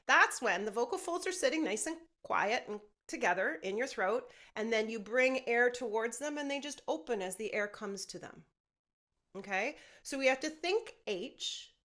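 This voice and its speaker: A woman's voice: fairly high pitch, animated, normal speed, a bit bright. A woman voice teacher leading a group singing lesson, explaining technique and often checking in with "okay?". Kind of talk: singing lesson with sung demonstrations.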